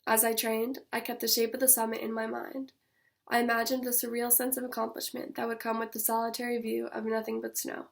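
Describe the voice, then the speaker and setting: A young woman, an author, reading her own fiction aloud in a measured, steady first-person voice. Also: a little high, gravelly.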